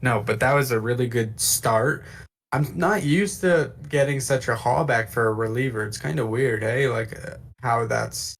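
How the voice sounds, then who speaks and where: A man co-hosting a podcast in casual chat, laid-back and quick to laugh and swear. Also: medium pitch, gravelly, a little hiss or hum. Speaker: podcast co-host.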